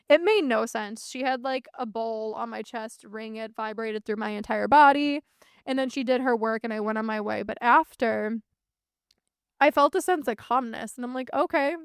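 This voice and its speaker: A woman's voice: on the high side, smooth, dry recording, clean studio sound. A woman in her thirties hosting a reflective solo podcast, talking candidly and earnestly and swearing casually. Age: 30s. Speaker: podcast host.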